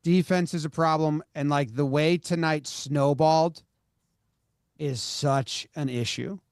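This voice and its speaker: A man's voice: fairly high pitch, steady tone, measured pace, clean tone, no room sound, clean studio sound. A man co-hosting a casual sports podcast, fired up and exasperated, swearing as he rants. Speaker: podcast co-host.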